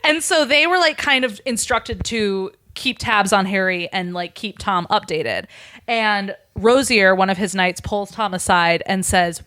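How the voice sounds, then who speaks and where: A woman hosting a podcast, retelling a story in a rambling, casual chat full of fillers. Her pitch sits in a middle range. The sound is dry and close, with no room echo. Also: unhurried, pushed and bright. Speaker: podcast host.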